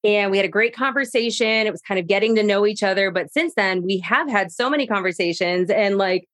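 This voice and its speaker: An American woman hosting a podcast interview, bubbly and gushing, with quick chatty asides. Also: mid-range voice, a bit bright. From United States. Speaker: podcast host. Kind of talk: casual interview chat.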